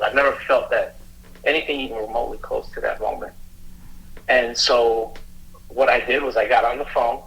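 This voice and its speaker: A middle-aged man, a police officer, telling a personal story in a halting, earnest way, often restarting his sentences. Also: medium pitch, vocal fry, bright, forceful tone, rough recording. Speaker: police officer and youth mentor, guest.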